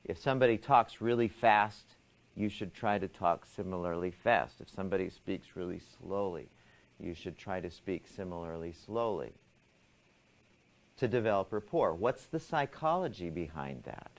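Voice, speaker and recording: A man's voice: low-pitched, animated, normal speed. A man teaching a class, asking students questions and explaining ideas step by step. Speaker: instructor.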